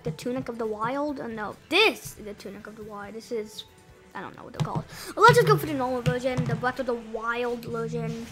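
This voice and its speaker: High-voiced excitable female gamer. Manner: excitable, rambling, many restarts and exclamations. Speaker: gameplay commentator. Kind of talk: casual let's-play commentary.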